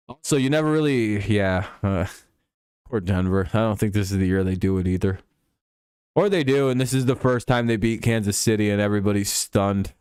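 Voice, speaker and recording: A man hosts a casual live stream, joking and swearing freely. His voice sits low and comes through smooth and clean. The sound is dry and close, with no room around it. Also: a little mellow, dry recording. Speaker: streamer hosting a football talk stream.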